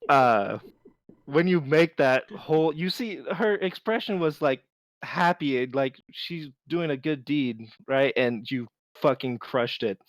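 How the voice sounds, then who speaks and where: A man narrating as game master of a tabletop game, relaxed and unhurried, with many fillers. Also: medium pitch, no echo, studio quality.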